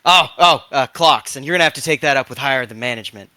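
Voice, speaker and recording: A man's voice: medium pitch, quick pace, bright, forceful tone, dry recording. A man playing a tabletop role-playing game, narrating his character's actions and lines with a casual, swearing, laughing manner. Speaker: player.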